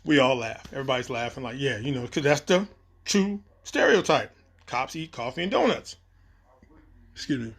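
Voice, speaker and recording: Gravelly man telling a story casually. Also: mid-range voice, normal speed. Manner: animated, acts out quoted exchanges. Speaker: storyteller recounting a set experience.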